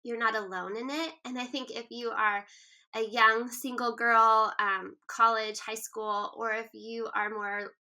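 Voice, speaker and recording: A guest author in her thirties talks in a casual interview, earnest and reflective, often saying "um" and "like." Her voice is fairly high and sharp, steady in tone, and she takes her time.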